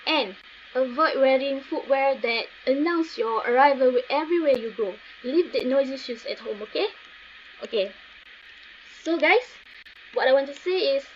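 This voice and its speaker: Young Malaysian woman presenting haltingly. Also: high-pitched. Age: young adult. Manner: hesitant, many fillers. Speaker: student presenter. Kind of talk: online class presentation. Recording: dull lo-fi recording with faint noise.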